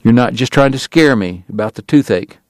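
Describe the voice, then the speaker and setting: A man's voice: mid-range voice, expressive, fairly quick, darkish tone, no echo, natural voice. A man voicing a blunt, tired lawman. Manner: blunt and short, wary. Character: tired, plain-spoken frontier lawman.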